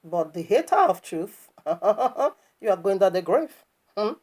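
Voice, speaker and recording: A woman's voice: mid-range voice, big pitch swings, slow pace, a little mellow, husky. A woman preaching online in an impassioned, scolding commentary that is full of rhetorical questions and stammered restarts.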